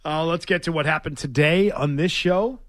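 A man's voice: on the high side, normal speed, a bit bright, no room sound. A man hosting a sports radio show, chatting casually, laughing often and reading ad copy with playful flair.

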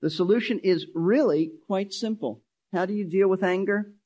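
A man's voice: sits high, normal speed, a little mellow. A pastor preaching a sermon, emphatic, repeating key phrases and shifting his pace.

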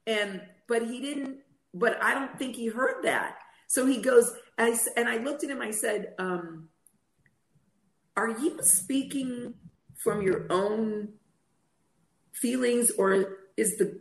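A middle-aged woman co-hosting a faith talk show shares a personal testimony in casual chat, acting out the quoted dialogue as she tells it. Her voice is on the low side at a moderate pace, and the recording has a roomy echo.

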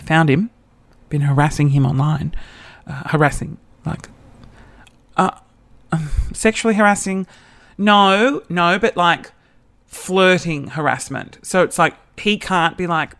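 A man's voice: on the high side, moderate pace, creaky, fairly bright tone. A man, telling a story in a chatty, self-mocking podcast monologue. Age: 30s. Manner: chatty and self-mocking, with campy quoted voices. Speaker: podcast host.

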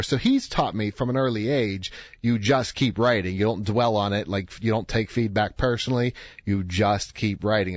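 A man's voice: on the low side, dry recording. A man hosting a radio talk show, telling a story and acting out the voices of the people in it. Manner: conversational storytelling, acts out quoted voices. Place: radio studio. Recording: dry, slightly dull studio sound.

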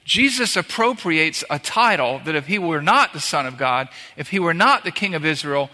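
Male pastor, conversational sermon delivery, emphatic repetitions, bright tone. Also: fairly high pitch, lively intonation, moderate pace. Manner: conversational preaching, walking through scripture verse by verse. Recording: long reverb of a large hall.

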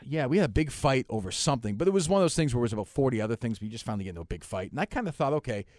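A middle-aged man talks sports radio at a quick clip. His voice leaps up and down as he tells stories with blunt swearing and dry sarcasm. The studio sound is close and dry. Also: medium pitch, lively intonation, darkish tone, no room sound. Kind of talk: casual radio talk.

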